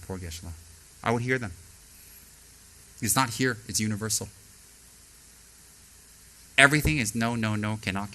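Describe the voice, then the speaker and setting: Buddhist teacher guy, super bright voice, lively, acting out little scenes. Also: mid-range voice. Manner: animated, acts out voices. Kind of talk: sermon.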